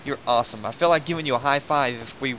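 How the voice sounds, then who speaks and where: A man's voice: mid-range voice, fast, fairly bright tone, a little hiss or hum, rough recording. A young man hosting a gaming video, rambling and joking in casual commentary while laughing at himself.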